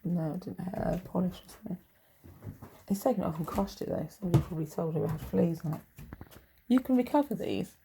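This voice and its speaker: A woman's voice: lowish voice, quick pace, vocal fry, background noise. A woman, talking in a blunt, sweary, rambling way with muttered asides. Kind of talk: rambling casual monologue.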